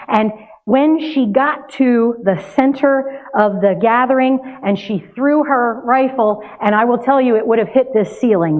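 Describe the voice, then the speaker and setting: An older woman giving a sermon, telling a family story in a conversational, lively way. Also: fairly high pitch. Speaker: minister. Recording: tinny phone-like sound.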